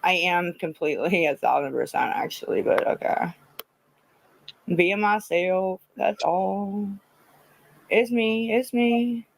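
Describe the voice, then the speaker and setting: A woman's voice: medium pitch, takes it slowly, creaky, no room sound, poor audio. A woman chatting casually on a livestream, rambling, repeating herself and swearing freely. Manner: rambling, profane, repetitive.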